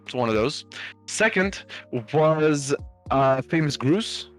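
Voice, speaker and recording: A man's voice: on the high side, animated, slow pace, fairly bright tone, faint music behind. A man casually telling a long anecdote on a live stream, rambling with lots of fillers and restarts and swearing freely. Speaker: stream host.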